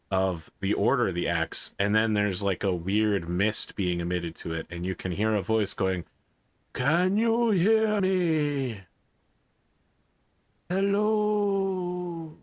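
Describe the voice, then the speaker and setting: A man narrating a tabletop role-playing game as game master, in a relaxed way with frequent fillers. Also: deep voice, dry recording.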